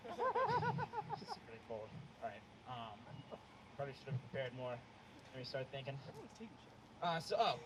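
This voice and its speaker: A young man doing a stand-up set outdoors, hesitant and deadpan, with many ums. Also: a little high. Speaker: stand-up comedian. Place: outdoor show in the cold. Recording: noisy outdoor recording.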